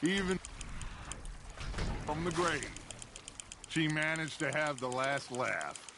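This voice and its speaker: An actor playing a charismatic middle-aged outlaw gang leader who talks in a smooth, reflective, persuasive way. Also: male voice, fairly high pitch, lively intonation, takes it slowly, noisy background. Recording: game audio over loud lapping water.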